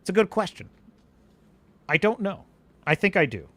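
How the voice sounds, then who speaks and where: This man's voice sits high, at a normal pace with no echo. As a podcast host running a live stream, he rambles animatedly through viewers' questions, frequently breaking off and restarting sentences.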